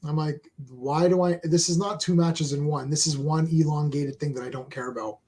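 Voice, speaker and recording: A man's voice: on the high side, fairly even intonation, moderate pace, a little mellow, husky. A man from Canada co-hosting a casual chat, rambling and sarcastic, often repeating himself. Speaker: co-host.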